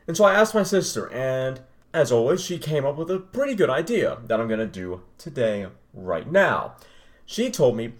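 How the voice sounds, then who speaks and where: A young man hosting his own podcast talks casually in a solo episode, rambling as he reacts to his old first episode. His medium-pitched voice is sing-song at a normal speed.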